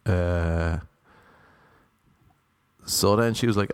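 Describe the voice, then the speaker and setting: A man with an Irish accent telling rambling, self-mocking stand-up stories in a deadpan way. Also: low voice, takes it slowly, long pauses, clear, resonant tone. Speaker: comedian. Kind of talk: stand-up storytelling.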